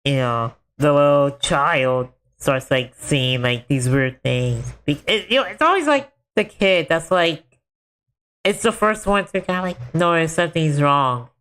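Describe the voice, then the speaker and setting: A man's voice: a little high, expressive, a little slow, a bit bright, clean tone. A man streaming a game, chatting casually in a rambling way full of filler words. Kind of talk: casual chat while gaming.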